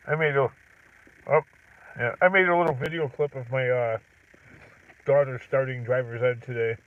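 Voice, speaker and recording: A middle-aged man chatting casually on a livestream, rambling, clearing his throat and chuckling as he talks from his truck. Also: mid-range voice, steady tone, normal speed, long pauses, recorded from a distance. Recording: tinny phone-like audio from off-mic.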